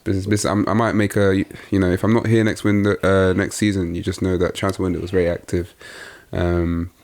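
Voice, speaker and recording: A man's voice: sits low, flat delivery, fast, a little mellow. Blunt, sweary young Englishman. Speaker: podcast co-host. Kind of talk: casual football chat.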